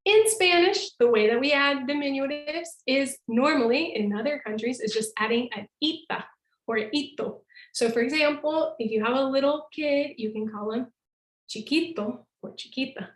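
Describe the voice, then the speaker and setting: A North American woman living in Costa Rica gives a casual online presentation from home, explaining with examples and laughing often. Her voice is high and her pace normal, and the recording is rough with a roomy sound.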